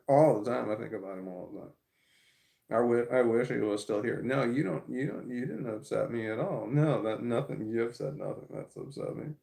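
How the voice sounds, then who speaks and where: A man's voice: medium pitch, vocal fry. Stammering man on a blunt live stream. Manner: stammers, with frequent repeated words and restarts; blunt and earnest, swears casually. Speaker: livestreamer reading viewer comments. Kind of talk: candid live-stream chat.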